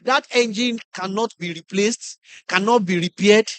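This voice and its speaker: A middle-aged man with a Nigerian English accent giving a lively motivational talk to teachers, acting out classroom stories and putting questions to the audience. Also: high voice, a little slow, no room sound. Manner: animated storyteller, acts out classroom scenes, asks the audience questions. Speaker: conference speaker.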